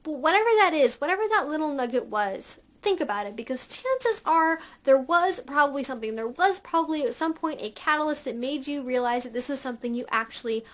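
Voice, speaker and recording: A woman's voice: sits high, lively intonation, brisk, few pauses. A woman hosting her own channel, talking in a frank, chatty way with lots of casual fillers. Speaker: channel host. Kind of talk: candid conversational vlog talk.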